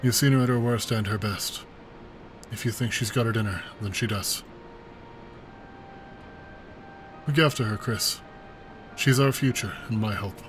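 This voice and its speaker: A man voicing an older male resistance commander while reading game dialogue aloud, earnest and measured. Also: fairly low pitch, soft background music, lightly acted, poor audio. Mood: tender.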